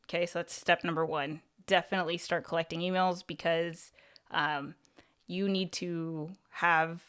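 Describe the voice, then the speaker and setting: On her livestream, a woman who works as a YouTube coach chats her way through casual advice, filling it with "like" and "you know" and often restarting or repeating words mid-thought. Her voice is on the low side, a bit bright and clean.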